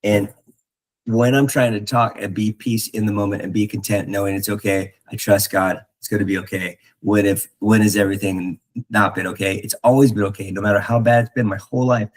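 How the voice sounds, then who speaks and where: A man talking earnestly in a reflective spiritual talk, halting with many restarts and fillers. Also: lowish voice, fairly even intonation, low-quality recording. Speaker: podcast host.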